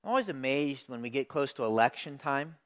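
Middle-aged pastor preaching with smooth clarity. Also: male voice, mid-range voice, expressive, a little fast. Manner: dynamic preaching, swings from hushed to loud emphasis. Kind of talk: sermon.

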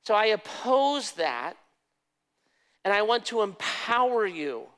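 An urgent, pleading Jesus, as a preaching man puts him on speaks from within a sermon. The voice rises a little higher than the preacher's own and stays earnest and insistent. Its tone remains smooth and clear throughout. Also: big pitch swings, takes it slowly, fairly bright tone, big-room sound, exaggerated voice.

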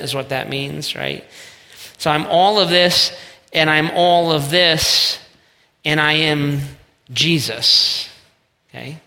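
Pastor, male, casual emphatic sermon delivery; bright voice, long hall reverb. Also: on the high side, takes it slowly, gravelly, long pauses. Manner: conversational preaching with emphatic asides.

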